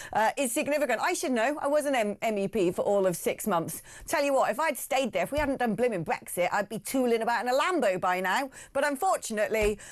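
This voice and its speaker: A woman hosting a talk radio phone-in, chatty and opinionated, who admits she rambles. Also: a little high.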